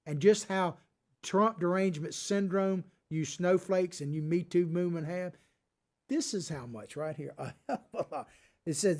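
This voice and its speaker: A male host delivering an opinion monologue on politics. He is combative and sarcastic, shifting between near-shouting and hushed asides as he speaks to his viewers from a home setup. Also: high-pitched, expressive, brisk. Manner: combative, swings from loud outbursts to quiet asides.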